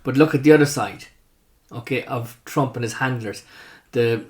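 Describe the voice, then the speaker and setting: A man, a podcast guest in casual chat, speaking haltingly and restarting sentences. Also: mid-range voice, darkish tone.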